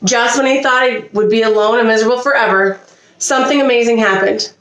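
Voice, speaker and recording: A woman reading a children's storybook aloud with expressive delivery and small slips. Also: on the high side, fast, roomy sound, dull audio, noisy background. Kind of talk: reading a picture book aloud. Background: a child nearby.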